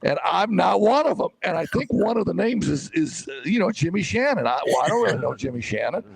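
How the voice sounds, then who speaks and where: An older man telling a story in lively, restarting talk, as co-host of a coaching show. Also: high-pitched, fairly quick, creaky, a crowd in the background. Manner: animated storyteller, many restarts.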